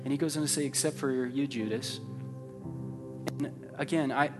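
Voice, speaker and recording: Man, preacher, casual sermon, mid-pitched voice, echoing church hall. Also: fairly even intonation, moderate pace. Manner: conversational, lots of fillers, playful then earnest. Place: church sanctuary. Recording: long hall reverb with faint music.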